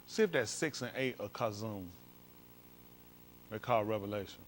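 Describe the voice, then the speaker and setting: A man's voice: on the low side, animated, normal speed, a little hiss or hum. A male pastor leads an informal Bible study, comparing translations and coaxing someone along with repeated "come on.".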